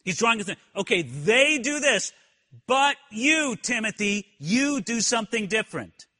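A man's voice: sits high, sing-song, normal speed, bright, forceful tone, long reverb tail. A man preaching a sermon in a church, earnest, often asking the congregation questions. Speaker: pastor. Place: church sanctuary.

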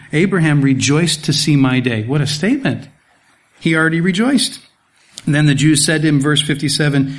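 Speaking at an ordinary pace, the pastor expounds a text with animation, asking rhetorical questions and adding sarcastic jabs. He sometimes hushes to a low, gentle voice when he wants something to land.

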